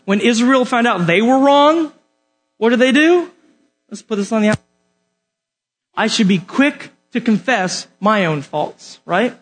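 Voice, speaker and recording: A young man teaching a Bible lesson from an outline, animated and often asking the audience questions. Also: extremely high pitch, measured pace, pauses often.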